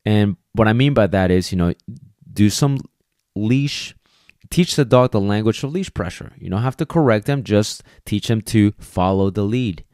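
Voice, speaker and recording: Low-voiced man giving emphatic podcast talk. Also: moderate pace, darkish tone, no room sound, clean studio sound. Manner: emphatic, conversational, peppered with "okay" and "right"; acts out quoted voices of people and dogs. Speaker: dog trainer and podcast host. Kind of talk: casual solo podcast talk.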